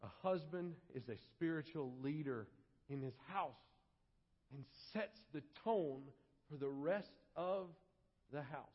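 A male pastor preaching a sermon, animated and acting out quoted voices. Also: fairly high pitch, big-room sound. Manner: animated, acts out quoted voices and shouts for effect. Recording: dull lo-fi sermon audio.

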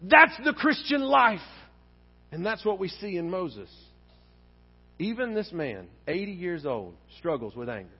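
A male pastor preaches with a very high-pitched voice, animated and theatrical. His voice rings with long reverb through a church hall. The recording is a bit dull and muffled. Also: a little slow, breathy edge. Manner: animated preaching, acting out dialogue. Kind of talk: sermon. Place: church sanctuary. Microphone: wearing a face mask.

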